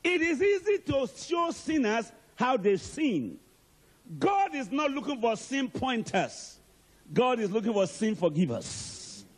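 Husky, animated male preacher. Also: very high voice, takes it slowly. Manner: emphatic, calls out to the congregation. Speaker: archbishop, preacher. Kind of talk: sermon.

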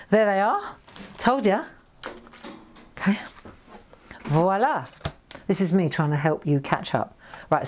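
A woman hosting a live craft demonstration, chatty and jokey, talking straight to viewers as she works. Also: fairly low pitch. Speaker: craft shop host demonstrating stamping.

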